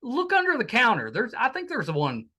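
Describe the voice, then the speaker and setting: A man's voice: very high-pitched, huge pitch swings, normal speed, pushed and bright, voice pushed up, exaggerated voice. A man voicing an offhand middle-aged New York kitchen worker with a New York accent, answering with unsure directions.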